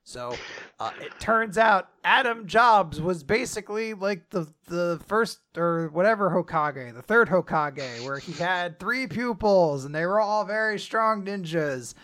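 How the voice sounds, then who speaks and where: Brief: man, slightly high voice, laughs through a casual episode recap. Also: expressive, measured pace, pushed and bright. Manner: laughs often while retelling scenes. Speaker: podcast co-host recapping an anime episode. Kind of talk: casual chat.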